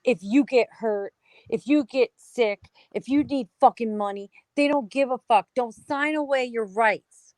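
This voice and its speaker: This is an angry, swearing American woman ranting in casual conversation. Her voice sits on the higher side and is recorded dry and close, with no room sound at all. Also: unhurried, a little mellow, no room sound, low-quality recording. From United States. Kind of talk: heated casual talk.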